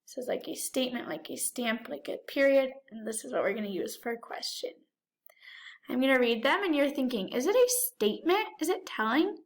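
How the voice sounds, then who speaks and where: A woman's voice: sits high, expressive, a little fast. A woman teacher giving a remote lesson to young children, talking directly to them in an encouraging, sing-song way.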